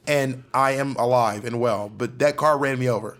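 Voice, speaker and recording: Animated young man telling stories. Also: medium pitch, normal speed, hardly any pauses. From Georgia, USA. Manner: animated storyteller, acts out quotes. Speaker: podcast co-host. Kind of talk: casual chat.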